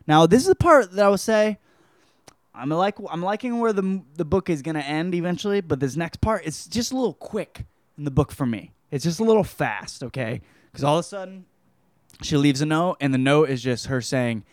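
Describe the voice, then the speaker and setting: A man gives a casual, crude book review on his podcast and rambles through the plot. His voice is smooth and resonant. The recording is dry, with no room echo. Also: a little high, expressive, normal speed. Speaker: podcast host.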